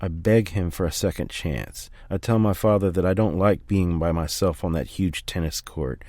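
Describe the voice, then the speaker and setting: A man reading a first-person memoir aloud in a steady, measured way. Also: sits low, dry recording, studio quality. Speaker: audiobook reader.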